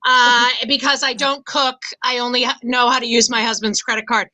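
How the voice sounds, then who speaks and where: Woman, middle-aged, from Boston area, stand-up comic, high voice, very bright tone, halting with ums. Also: little pitch movement, rough recording. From Boston area, USA. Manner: self-deprecating, halting with ums and restarts. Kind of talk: stand-up comedy set. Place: comedy club stage with audience.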